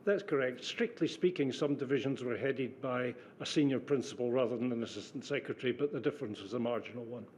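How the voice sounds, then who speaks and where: Measured older man giving testimony. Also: mid-range voice, slight background noise. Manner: measured, precise, hesitant with fillers. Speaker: witness, former civil servant. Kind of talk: formal inquiry testimony.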